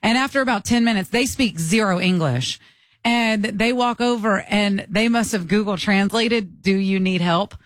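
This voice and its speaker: A woman co-hosting a casual talk show, recounting a travel story in an animated, laughing way. She slips into quick acted-out voices for the people in it. The recording is close and dry. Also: mid-range voice, no room sound. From Michigan.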